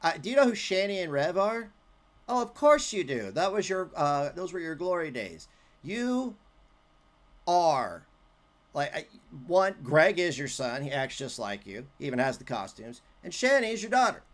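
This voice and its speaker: Sarcastic, lively-voiced male streamer. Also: fairly high pitch, normal speed. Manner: mocking, sarcastic, profane. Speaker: streamer reacting to a clip.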